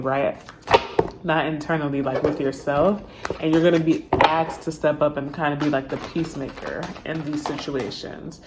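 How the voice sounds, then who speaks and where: Woman, tarot reader, low voice, casual and slangy, faint hiss behind. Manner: chatty, slangy, talks straight to viewers. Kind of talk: casual tarot reading to camera.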